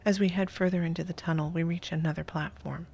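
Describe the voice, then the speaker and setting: A woman reads a first-person interactive story aloud, her voice soft and often dropping to a near whisper. She breaks off now and then for casual asides of her own. Her pitch sits a little low. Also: fairly even intonation, quick pace, creaky. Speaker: host reading an interactive story.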